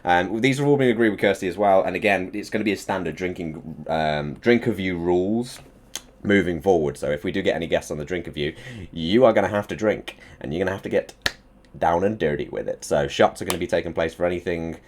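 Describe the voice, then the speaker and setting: A young man hosting a casual live stream, excitable and swearing as he hypes up his chat before an interview. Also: low voice, brisk, a little hiss or hum.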